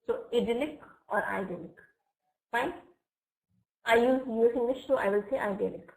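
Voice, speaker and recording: A woman teaching English vocabulary in a live online class. She explains each word slowly and patiently and often checks with "okay?". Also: fairly high pitch, fairly even intonation, poor audio.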